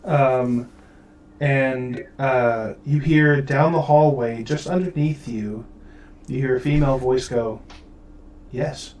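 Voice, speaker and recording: A man's voice: medium pitch, steady tone, slow, darkish tone. A man narrating as game master, rambling with many fillers, recorded with room echo from a distance. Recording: roomy audio from far off mic.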